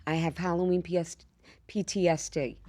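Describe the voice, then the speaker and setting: A woman, co-hosting a podcast and telling a brash, animated story with a lot of swearing. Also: fairly low pitch, normal speed. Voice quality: slight lisp. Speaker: podcast co-host. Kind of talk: casual storytelling chat.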